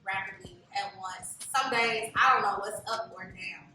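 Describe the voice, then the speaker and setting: A woman's voice: medium pitch, steady tone, moderate pace, bright, forceful tone, heavy reverb, recorded from a distance, slight background noise, poor audio. A woman in her late twenties, a guest in an interview, talking in a chatty, reflective way with lots of fillers. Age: late 20s. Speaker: interview guest, self-love blogger. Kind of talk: casual interview conversation.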